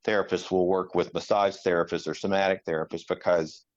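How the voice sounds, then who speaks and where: A man with a very low voice chatting casually and thoughtfully, drifting through his points with ums and restarts. The recording sounds dull and lo-fi, as if the highs were cut off. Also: level tone, a little fast. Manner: reflective, rambling with fillers. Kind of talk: casual chat.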